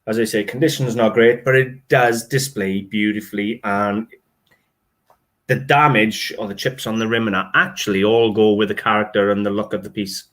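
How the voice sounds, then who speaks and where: Speaking at a moderate pace in a somewhat low, slightly bright voice with fairly even intonation, this channel host and antiques dealer casually shows off his finds. He's chatty, laughs a lot, and confesses that dialect is hard for him to read.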